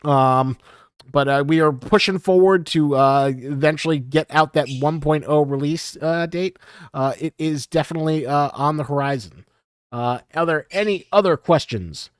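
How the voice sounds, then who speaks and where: A man's voice: on the high side, clean tone, dry recording, clean studio sound. Chatty man hosting a live stream. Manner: halting, many fillers, chuckles often. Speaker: community stream host. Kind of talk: casual live stream chat, reading viewer questions.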